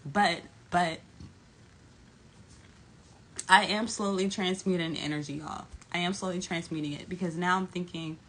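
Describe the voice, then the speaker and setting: Rambling, cussing woman vlogger, low-pitched. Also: a little hiss or hum, poor audio. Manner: rambling, profane, animated storytelling with asides to viewers. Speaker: tarot channel host. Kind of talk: casual vlog chat.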